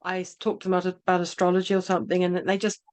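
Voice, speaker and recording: Halting woman podcast host. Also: fairly low pitch, level tone, darkish tone. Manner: halting, many restarts, tag questions. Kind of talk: casual conversational interview.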